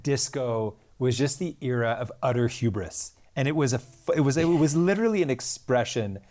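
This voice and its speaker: A tired man, chatting casually with a friend while they solve a crossword together, quick to laugh at his own jokes. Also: mid-range voice, darkish tone. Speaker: podcast co-host. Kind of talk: casual chat solving a crossword. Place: Kathmandu.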